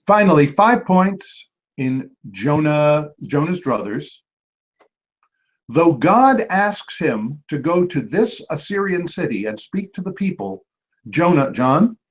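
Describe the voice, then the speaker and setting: Male quiz host, fairly high and very animated, reads each clue twice with slow emphasis, tosses off quick jokes; dull lo-fi sound. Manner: repeats each clue slowly, with quick joking asides. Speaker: trivia quizmaster. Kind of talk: hosting a trivia match, reading clues. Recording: dull lo-fi recording.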